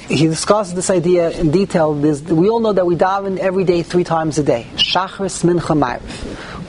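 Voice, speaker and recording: A man's voice: high-pitched, a little mellow, a little hiss or hum. Emphatic man giving a Torah lecture. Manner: emphatic, rising sharply on key points; mixes English with Hebrew and Yiddish terms. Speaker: Torah teacher. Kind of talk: Talmudic lecture.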